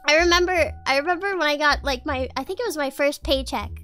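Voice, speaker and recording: A woman's voice: high-pitched, quick pace, sharp tone, faint music behind. A woman streamer telling rambling family stories in casual chat, giggling often and restarting sentences.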